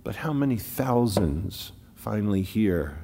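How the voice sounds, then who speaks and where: A pastor preaching a sermon, moving from loud declaring to hushed near-whispers and slowing down to lean on key words. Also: male voice, on the low side, sing-song, gravelly, in a large hall, background noise. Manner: slow deliberate phrasing on key words.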